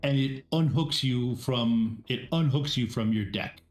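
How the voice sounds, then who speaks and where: A man's voice: medium pitch, echoey room, faint music behind. A man narrating a tabletop game as game master, hesitant and full of fillers and restarts. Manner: halting, many fillers and restarts.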